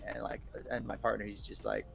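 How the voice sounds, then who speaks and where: A man with a faint Southern accent, a guest in a casual podcast chat, chatty and quick to laugh. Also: fairly low pitch, big pitch swings, vocal fry, fairly bright tone, slight background noise.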